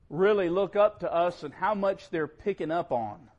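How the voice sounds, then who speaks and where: A man's voice: sits high, normal speed, few pauses, darkish tone. A man giving an earnest sermon-style talk to parents. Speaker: speaker addressing parents.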